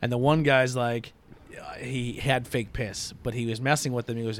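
A man's voice: mid-range voice, level tone, a little fast. A man co-hosting a casual podcast, retelling TV scenes animatedly and swearing freely. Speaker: podcast co-host.

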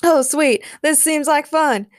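A woman voicing an eager young male reporter who talks excitedly. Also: on the high side, a little fast, smooth, no room sound, studio quality, close to an everyday voice. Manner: excited, upbeat.

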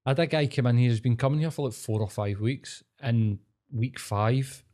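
A man's voice: mid-range voice, mellow. A Scottish man hosting a podcast, chatting casually with plenty of swearing and laughter. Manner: laid-back, sweary, quick to laugh. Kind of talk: casual chat.

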